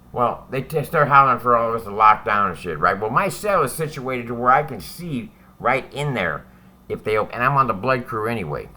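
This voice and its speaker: A man's voice: mid-range voice, pushed and bright. A man telling a story about his time in prison in a casual, profane, rambling way, often adding "right?" as he goes.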